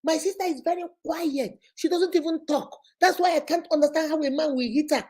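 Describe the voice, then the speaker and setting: A woman voicing an indignant married man who hits his wife, talking high and agitated. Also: brisk, warm tone, natural voice.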